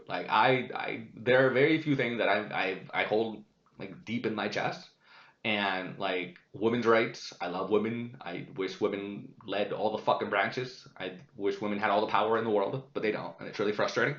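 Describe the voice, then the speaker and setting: Young male vlogger, low voice, heated and swearing, lo-fi echoey room. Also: fairly quick. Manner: animated, profane, emotional retelling with many restarts. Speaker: vlogcast host. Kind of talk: casual personal storytelling. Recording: echoey room, dull lo-fi sound.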